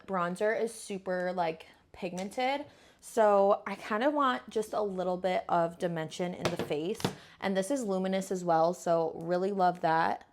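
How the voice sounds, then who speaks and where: Young woman vlogger, casual makeup chat, playful slang and fillers, self-deprecating. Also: medium pitch. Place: home.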